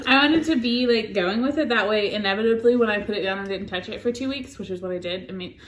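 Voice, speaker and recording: A woman's voice: mid-range voice, fast. A woman co-hosting a podcast, chatting casually and rambling about her knitting, often laughing. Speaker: podcast co-host. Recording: echoey room.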